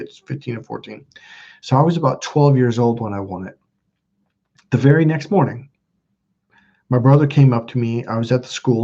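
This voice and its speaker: A man's voice: mid-range voice, dark tone, husky, dull audio. A man in his fifties, a self-help coach, talking in a rambling, emphatic off-the-cuff monologue with frequent restarts. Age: 50s. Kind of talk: casual off-the-cuff monologue to camera.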